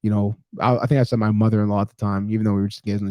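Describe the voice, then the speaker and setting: A man in his thirties tells a story on a casual podcast, jumping into the voices of the people in it and swearing freely. His voice is mellow and relaxed. The sound is dry and close. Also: fairly low pitch, rapid-fire, no room sound. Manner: animated storyteller, acts out quotes, swears casually. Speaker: podcast co-host.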